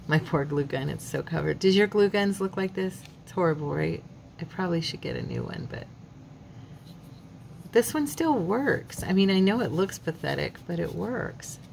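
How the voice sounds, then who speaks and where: A woman's voice: lowish voice, fairly quick, vocal fry, hardly any pauses, darkish tone, a little hiss or hum. Chatty woman crafting at home. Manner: chatty, faith-filled asides, laughs at herself. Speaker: craft channel host. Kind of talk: casual crafting tutorial chat.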